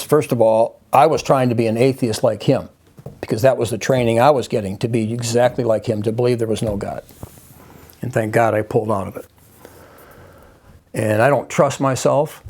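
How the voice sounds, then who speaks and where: Older man, gravelly voice, halting storyteller, restarts and asides. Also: medium pitch, a little mellow. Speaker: guest. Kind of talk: personal storytelling.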